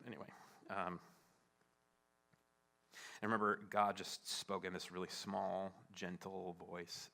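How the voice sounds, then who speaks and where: A man preaching a sermon as a pastor, telling a personal story in an earnest, halting way, often restarting his sentences and swinging between hushed and emphatic. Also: low-pitched, flat delivery. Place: church service.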